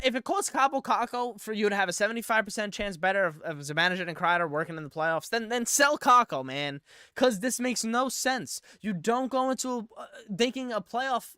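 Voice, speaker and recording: A man's voice: sits high, sharp tone, smooth, no room sound, studio quality. A young man rambling through live-stream sports commentary, thinking aloud and getting himself worked up.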